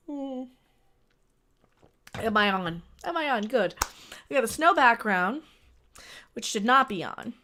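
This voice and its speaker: Woman, livestream host, rambling casual chat, laughs often, somewhat high voice. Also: fairly bright tone.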